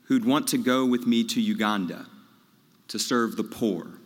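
A man preaching a sermon as pastor, telling a story in a measured way before leading his congregation in prayer. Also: mid-range voice. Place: large church sanctuary. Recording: long church reverb.

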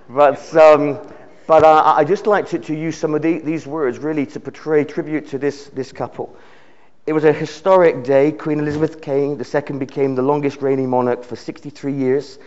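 Man, preaching a sermon, earnest, stumbles and repeats words, mid-pitched, dull lo-fi church recording. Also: darkish tone. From United Kingdom. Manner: earnest, repeats words while building phrases. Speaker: visiting preacher. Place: church service.

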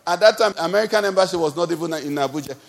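A man's voice: on the high side, rapid-fire, vocal fry. A man with a Nigerian accent preaching a sermon as pastor, building up with repeated refrains. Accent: Nigerian English. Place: church service.

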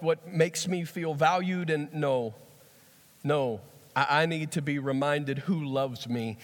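A man preaching with animated swings between quiet, low reflection and loud emphasis, often repeating phrases for effect. His voice sits fairly high for a man, and a long hall reverb trails after each line. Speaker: pastor. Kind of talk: sermon.

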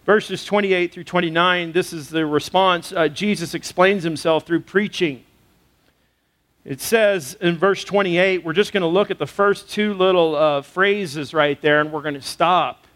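A pastor with a high, slightly bright voice preaches at an unhurried pace. His sermon feels conversational, full of rhetorical questions and casual fillers.

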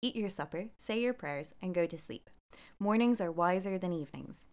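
A woman reading aloud, voicing a small magic doll that calmly comforts a girl. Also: on the low side, moderate pace, natural voice. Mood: soothing. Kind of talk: storybook reading.

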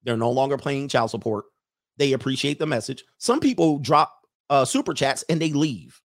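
A man's voice: mid-range voice, animated, moderate pace. A man hosting a livestream show, giving a mocking, profane monologue full of repeated rhetorical questions.

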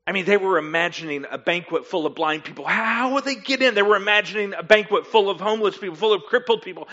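A man preaching with a high, bright voice that swings widely up and down. He tells the story in an animated way, slipping into the voices of the people in it. The sound of the recording is dull and lo-fi. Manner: animated storytelling, acting out listeners and guests. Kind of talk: sermon.

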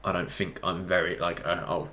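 A young Englishman with a very low, deep voice talks in a relaxed, reassuring way, circling back over his words. The room is echoey, with a faint hiss of noise behind him. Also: normal speed. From England. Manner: reassuring, rambling with restarts. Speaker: partner in a couple chat. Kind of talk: casual chat.

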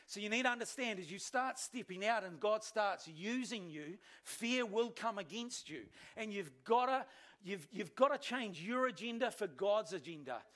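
A male pastor, preaching a sermon with animated, self-deprecating storytelling. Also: high-pitched.

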